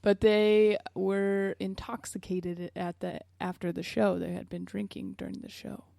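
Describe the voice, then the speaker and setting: A woman's voice: medium pitch, flat delivery, measured pace, creaky, dark tone, dry recording, clean studio sound. A young adult woman co-hosting a podcast, chatting casually and laughing often as she tells stories. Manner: giggly, chatty storytelling. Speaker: podcast co-host. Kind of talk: casual chat.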